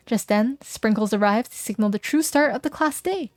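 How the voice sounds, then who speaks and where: A woman's voice: a little high, normal speed, few pauses, no echo, soft background music. A young woman streaming, reading a game aloud, playful and joking with chat on a close mic. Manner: playful and giggly, jokes with chat. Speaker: vtuber streamer.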